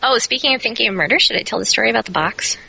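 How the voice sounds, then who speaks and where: A woman's voice: on the high side, racing, gravelly, a little hiss or hum, low-quality recording. A woman on a podcast telling a story in casual chat, laughing often and acting out her own outbursts. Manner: laughs often, animated retelling with quoted outbursts. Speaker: podcast co-host.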